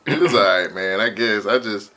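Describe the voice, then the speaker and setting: Teasing man with a bright, lively voice. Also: on the low side. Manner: teasing, laughs a lot, easygoing. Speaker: podcast co-host. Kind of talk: casual podcast banter.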